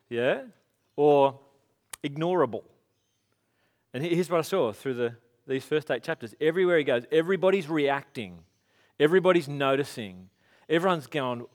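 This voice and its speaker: A man's voice: a little high, darkish tone. A man giving a conversational sermon as pastor, chatty and rambling with self-deprecating asides.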